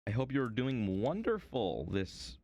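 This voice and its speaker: Rambling man with lively pitch. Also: slow pace. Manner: rambling, playful, talks to chat. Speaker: streamer. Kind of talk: casual chat while woodcarving.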